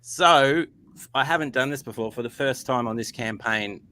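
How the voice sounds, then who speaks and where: Bright-voiced Australian man, chatty. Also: medium pitch, dry recording. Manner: self-deprecating, halting with fillers. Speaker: guest comic writer. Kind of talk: casual chat on a live stream.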